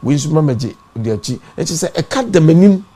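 A Ghanaian man with a dark, mellow, slightly raspy voice speaks in a TV interview. He talks like a preacher, pressing his points with sudden emphatic bursts. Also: fairly high pitch, expressive, a little fast. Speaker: pastor and party founder. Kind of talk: impassioned talk-show interview.

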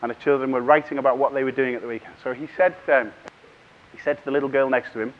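A man's voice: medium pitch, very fast, highs cut off. A man giving a humorous conference keynote, acting out voices and inner thoughts as he tells stories. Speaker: conference plenary speaker. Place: large conference hall.

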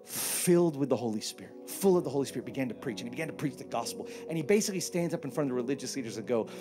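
With music behind him, a pastor rattles through his sermon very fast in a mid-range voice, hardly pausing. On the church stage he jokes and performs Bible scenes and quotes in put-on voices, full of animation.

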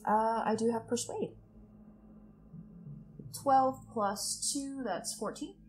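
A woman playing a tabletop game who speaks earnestly and haltingly as her character tries to talk things through. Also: a little high, slight background noise. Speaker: player. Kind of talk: in-character role-play.

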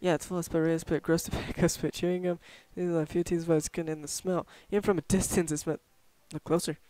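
A man's voice: fairly high pitch, little pitch movement, fast talker, dark tone, no room sound. A young man playing a game at home, casually reading its text aloud and swearing now and then. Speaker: gamer. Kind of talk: casual let's play commentary.

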